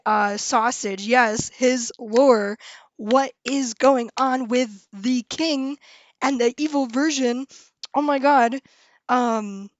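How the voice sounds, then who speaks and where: A woman's voice: fairly high pitch, dry recording. Bubbly young woman chatting on a stream. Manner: bubbly and excitable, often trailing off, restarting and laughing. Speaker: live streamer. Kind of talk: casual live-stream chat with viewers. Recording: dull lo-fi sound, dry room.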